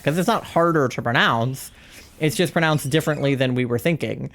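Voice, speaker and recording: A young-adult streamer talks loosely over gameplay. The speech rambles from thought to thought in a relaxed, chatty way, with frequent laughter along the way. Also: medium pitch, brisk. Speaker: live streamer. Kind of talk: casual chat while streaming a game.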